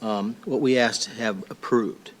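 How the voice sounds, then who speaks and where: A man speaking as an attorney at a public board hearing, halting and pausing between points. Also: fairly low pitch, steady tone, a little hiss or hum. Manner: halting, with fillers and pauses while looking up notes. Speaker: attorney for a petition sponsor. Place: public hearing room, speaking into a table microphone.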